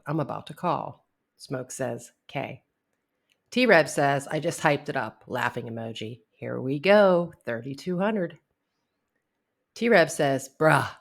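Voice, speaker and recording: A man's voice: mid-range voice, gravelly, fairly bright tone. A man reading out a string of text messages aloud, adding blunt, profane asides of his own. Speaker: commentary narrator.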